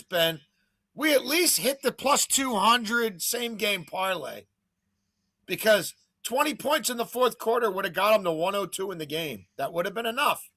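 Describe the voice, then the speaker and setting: A high, bright-toned man hosts a betting talk show, rambling through casual chat. His talk is gloomy and a bit profane. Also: animated, moderate pace, no room sound.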